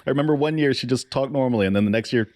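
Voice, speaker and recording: A man co-hosting a podcast in casual chat, animated and profane, laughing often. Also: mid-range voice, very fast, no echo. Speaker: podcast co-host.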